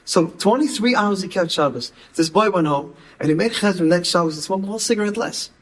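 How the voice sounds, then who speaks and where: A man's voice: sits high, a little fast, rough recording. A man, telling stories in a talk and repeating words for emphasis. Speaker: speaker. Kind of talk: storytelling talk.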